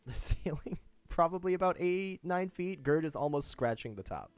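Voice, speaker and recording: A man runs a tabletop game, narrating scenes and laughing easily with his players. His voice sits a little high and moves in a lively, animated way. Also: normal speed, smooth, dry recording. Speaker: game master.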